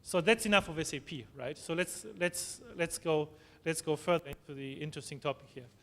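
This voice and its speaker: A man giving a conference presentation, halting, with frequent restarts and tag questions. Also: fairly high pitch, sharp tone. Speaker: conference speaker. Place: conference hall. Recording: long hall reverb, faint noise.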